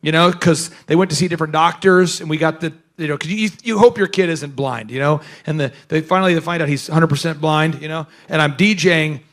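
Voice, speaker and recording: An animated man running a business workshop in front of a live audience. His voice sits high for a man, and he keeps throwing questions at the crowd and cracking jokes. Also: brisk, hardly any pauses. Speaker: host. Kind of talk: energetic business workshop talk.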